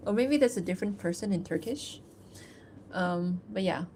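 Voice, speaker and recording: A woman's voice: medium pitch, expressive, normal speed, warm tone, slight background noise. Chatty woman streaming her art. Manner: chatty and loose, full of "like" and small laughs; reads fan-fiction narration aloud. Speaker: artist streaming her work. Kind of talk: casual livestream chat.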